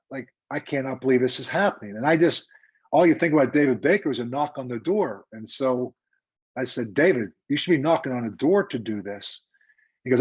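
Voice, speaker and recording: An older man, a retired football coach, telling a story in a lively, emphatic, conversational way during an interview. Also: mid-range voice, breathy edge. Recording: dull lo-fi remote audio.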